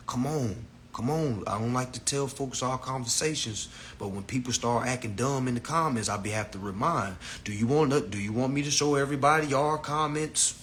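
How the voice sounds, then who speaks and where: Man, live stream teacher, bright forceful voice, blunt and profane. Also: slight background noise. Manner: profane, blunt, lecturing, animated swings in pitch. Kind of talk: casual live stream lecture.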